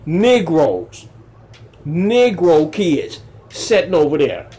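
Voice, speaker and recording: A male stand-up comic spinning profane street stories. His delivery is loose and animated, swinging from low mutters up into high, yelling exclamations. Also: slow pace, breathy edge. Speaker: stand-up comedian. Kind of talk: stand-up storytelling.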